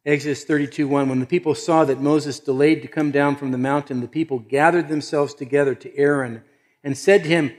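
Man, pastor, preaching, slightly high voice, shifts from loud to quiet. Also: steady tone, brisk. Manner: dynamic, swings from loud emphasis to hushed asides; reads scripture aloud. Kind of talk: sermon.

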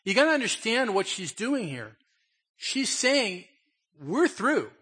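A man's voice: high-pitched, big pitch swings, unhurried, pushed and bright, breathy edge. A man preaching a sermon and reading scripture, talking emphatically and conversationally and often checking in with his listeners. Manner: emphatic, conversational, asks "okay?". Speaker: pastor.

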